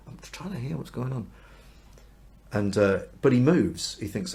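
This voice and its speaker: A man, a minister reading and explaining a Bible passage in a chatty, informal way, jumping into high, agitated voices for the people in the story. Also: expressive, unhurried, creaky, darkish tone. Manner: acts out the voices of the story with sudden high outbursts; conversational and informal. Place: church or home during lockdown.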